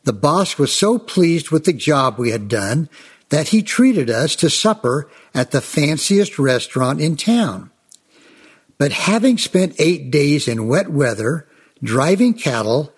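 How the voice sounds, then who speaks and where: A man's voice: fairly high pitch, big pitch swings, a little slow, husky. A man telling Old West tales in a chatty, folksy way, often calling his listeners folks. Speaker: storyteller.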